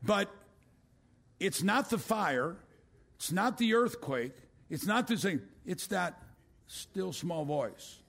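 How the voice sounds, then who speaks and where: An older man preaching a sermon as a pastor, swinging from loud exclamations down to a hushed voice. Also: high-pitched, lively intonation, slow, creaky. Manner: rising to loud exclamations, then dropping to a hush.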